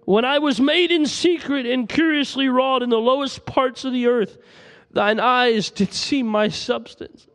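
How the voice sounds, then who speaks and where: A preacher with a strikingly high-pitched voice delivers a sermon. He speaks with passion and recites scripture at length to his congregation. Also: unhurried, fairly bright tone, soft background music. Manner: impassioned, reciting scripture aloud.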